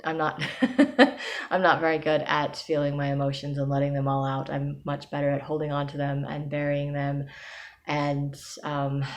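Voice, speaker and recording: Low-voiced woman, soft and hesitant. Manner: soft, hesitant, with many pauses and ums; breaks into small laughs often. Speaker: personal video diarist. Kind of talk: reflective personal vlog.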